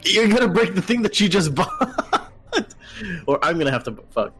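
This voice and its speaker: Man, player at the table, lively sing-song voice, giggly. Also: high voice, soft background music. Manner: giggly, quick to laugh. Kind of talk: casual tabletop play.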